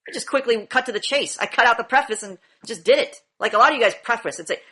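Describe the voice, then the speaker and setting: A woman's voice: on the high side, fast, few pauses, bright, forceful tone, breathy edge. A woman teaching an acting class, blunt and demanding, swearing freely as she questions her students.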